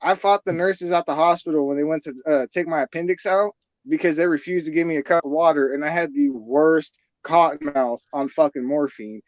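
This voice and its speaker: A young man telling crude, animated stories with lots of swearing in a casual podcast chat. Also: fairly high pitch, fairly quick, no echo, highs cut off. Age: young adult. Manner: crude, animated storytelling with profanity.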